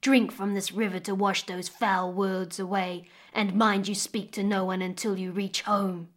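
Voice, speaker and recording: A woman voicing a stern but kind mother crocodile with a deep, watery voice, speaking slowly and solemnly in a storybook. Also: level tone, close to an everyday voice. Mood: scolding. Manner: slow, solemn.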